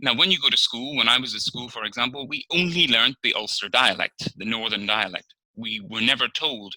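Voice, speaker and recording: A man's voice: mid-range voice, brisk, sharp tone, no room sound, low-quality recording. A young man with a Northern Irish accent gives a prepared practice speech in a frank manner, with many fillers and open irritation. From Northern Ireland. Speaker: speaker in an interpreting practice speech.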